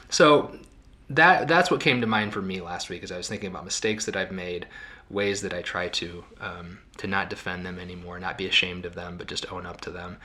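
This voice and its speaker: A man's voice: low-pitched, fairly even intonation. A middle-aged man hosting a podcast as a marital therapist, talking in a casual, reflective way with many ums, restarts and small laughs. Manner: halting, with frequent ums and restarts, warm self-deprecating laughs.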